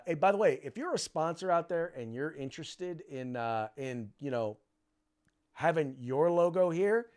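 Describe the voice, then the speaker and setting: A man's voice: a little high, a little mellow. A man hosting a casual political podcast, speaking emphatically and often restarting phrases. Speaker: podcast host.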